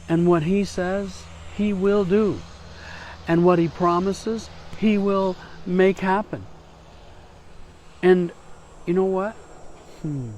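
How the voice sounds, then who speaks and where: A man's voice: fairly high pitch, darkish tone. A man giving a short devotional message as a church pastor, in a conversational way with small restarts and playful asides.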